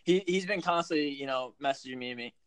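A man's voice: a little high, brisk, fairly bright tone, clean tone, no echo. Loose, laughing podcast host man. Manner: loose, profane, laughs often. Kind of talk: casual podcast chat.

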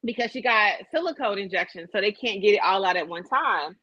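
Lively, profane woman telling stories. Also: mid-range voice, a little fast, no room sound, highs cut off. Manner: animated, profane storytelling with lots of laughter. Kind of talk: casual chat.

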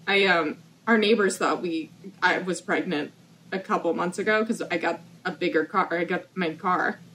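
A young woman chatting casually, telling animated stories and acting out what others said. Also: lowish voice, normal speed, slight background noise. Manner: animated storyteller who acts out quotes. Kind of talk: casual chat.

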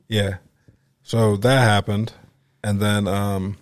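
A man's voice: on the low side, normal speed, pauses often, no room sound. Philly guy telling a story on a podcast, doing everyone's voices, dry close mic. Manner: animated, acts out other people's lines with profanity and laughter. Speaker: podcast host. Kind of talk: casual storytelling chat.

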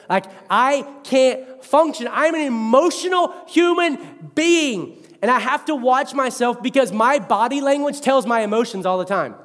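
A man in his thirties preaching a sermon as pastor, animated and conversational, with self-mocking asides. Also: high-pitched, big-room sound.

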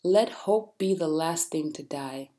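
A woman hosting a podcast, talking straight to listeners with blunt, animated, faith-based encouragement. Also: sits low, a little slow. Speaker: podcast host. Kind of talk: casual motivational monologue.

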